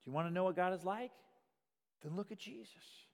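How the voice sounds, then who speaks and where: A man preaching a sermon, earnest and plain-spoken, with a slightly high voice. He stumbles over the first word of a sentence now and then and gets louder to stress a point. His voice rings out with a long hall echo behind it. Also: fairly quick, creaky. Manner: earnest, repeats words when starting, rises in volume for emphasis.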